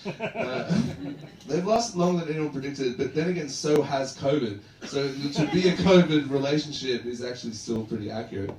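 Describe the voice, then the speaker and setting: A man's voice: mid-range voice, animated, moderate pace. An Australian man doing a loose, rambling roast set on a comedy club stage, peppering everything with man and dude. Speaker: stand-up comedian. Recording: echoey club room, distant mic, background noise. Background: audience laughter.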